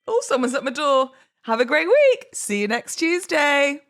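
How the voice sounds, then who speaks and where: With a high, sing-song, fairly bright voice at a normal speed, this podcast host is pregnant and feeling her baby kick. She rambles chattily on her solo show, overshares, laughs at herself, and drifts into tangents.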